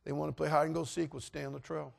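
Middle-aged preacher guy with a gravelly voice, a bit high, telling a story and doing voices. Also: quick pace. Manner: animated, acts out voices in anecdotes. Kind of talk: sermon storytelling.

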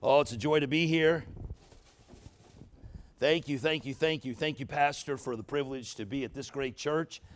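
A man with a New York accent delivers an energetic revival sermon. His voice is unusual and husky. He punches his words hard and keeps calling out to the congregation. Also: mid-range voice, normal speed, pauses often, a little hiss or hum. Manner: fiery, emphatic, calls out to the congregation. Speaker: guest preacher. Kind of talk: revival preaching. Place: church sanctuary.

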